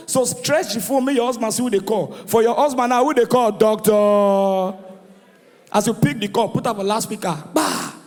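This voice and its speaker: A man with a Nigerian accent doing a stand-up comedy routine, animated and shouting his punchlines while acting out the voices in his jokes. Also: sits high. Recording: live venue with long reverb.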